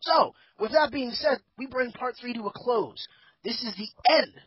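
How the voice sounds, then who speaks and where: A husky-voiced man holds court in a casual group chat, rambling and opinionated and cursing freely. The sound is dull and lo-fi. It's bone dry, with no room around it. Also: very high-pitched, normal speed, no room sound. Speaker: podcast host.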